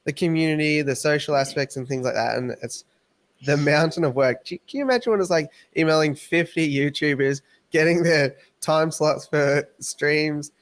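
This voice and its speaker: An Australian man hosting a casual live stream, talking in a relaxed, rambling way. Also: on the high side, normal speed. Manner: relaxed, rambling, many fillers and restarts.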